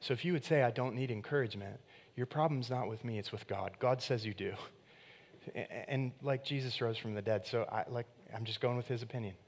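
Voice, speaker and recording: Male pastor, mid-pitched, casual and animated delivery, quick shifts between punchy volume and soft asides. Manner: conversational and animated, acting out quoted voices; swings from loud emphatic bursts to quiet, hushed lines. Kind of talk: sermon.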